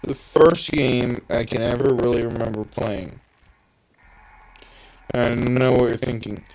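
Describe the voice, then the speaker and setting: A man's voice: mid-range voice, steady tone, a little slow, darkish tone, poor audio. Rambling eighteen-year-old guy. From Canada. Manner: rambling, self-correcting, chatty asides. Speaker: let's play host. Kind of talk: casual gameplay commentary. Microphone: phone screen-recorder mic.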